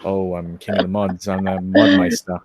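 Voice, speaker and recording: A man's voice: low voice, flat delivery, moderate pace, a little mellow, no room sound. Australian man greeting livestream viewers. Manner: greets viewers by name, swears playfully. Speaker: livestream co-host. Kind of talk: casual livestream chat.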